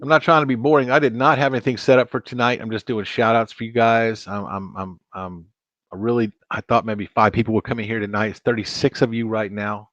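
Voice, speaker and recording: A man's voice: lowish voice, steady tone, fairly quick, fairly bright tone, no echo, muffled recording. Chatty man hosting a live stream. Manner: rambling, chatty, stammers and restarts. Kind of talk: casual live-stream chat. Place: home studio at a computer.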